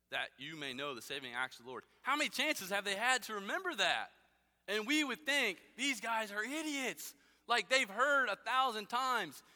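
Bright high-voiced male preacher, reverberant hall. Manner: conversational, rhetorical questions, frequent "right?". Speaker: guest speaker. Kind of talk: sermon.

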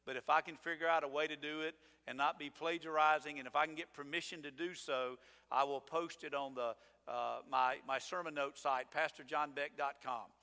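Bright-voiced preacher man in a church hall. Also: a little high. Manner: conversational, emphatic preaching with sarcastic asides. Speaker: pastor. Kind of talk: sermon. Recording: long reverb of a church hall.

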